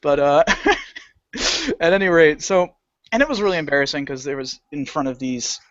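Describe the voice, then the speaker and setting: Male podcast co-host, crude storyteller, bouncy pitch, dry close sound. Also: moderate pace, no room sound. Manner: animated, profane, acts out quoted lines. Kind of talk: casual storytelling. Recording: dull lo-fi podcast audio.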